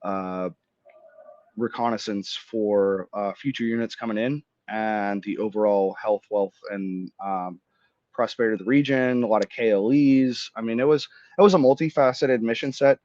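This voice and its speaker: A man's voice: on the low side, moderate pace, no echo. A man in his thirties from Florida, a veteran telling stories as a podcast guest, acting out dialogue and swearing freely. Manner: animated storyteller, swears, acts out dialogue. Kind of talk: casual storytelling interview. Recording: dry, slightly dull podcast mic.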